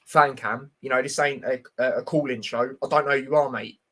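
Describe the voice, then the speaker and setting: A man's voice: medium pitch, steady tone, a little fast, fairly bright tone. A man hosting a casual football prediction live stream, talking bluntly and reading out chat, with lots of fillers. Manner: chatty and blunt, full of fillers, answering chat directly.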